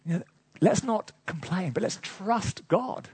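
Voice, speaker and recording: A male preacher with a high, husky voice, delivering a sermon with lively storytelling and chuckled asides to the congregation. Recorded close and dry. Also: a little slow, dry recording.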